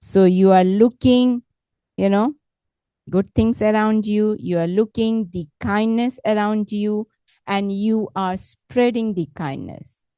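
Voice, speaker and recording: A woman teaches positive thinking in an unhurried, gentle way, stopping often to check that her listeners follow. Her voice is soft and mellow, and the recording is dry and close. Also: mid-range voice, clear, resonant tone, no room sound. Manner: slow, patient, repeats words and asks "correct?"; gentle, encouraging. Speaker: meditation instructor. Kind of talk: guided talk on positive thinking.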